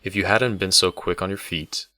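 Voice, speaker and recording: A man voicing a calm red-haired male innkeeper who speaks in a measured, serious way. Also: deep voice, no echo, studio quality.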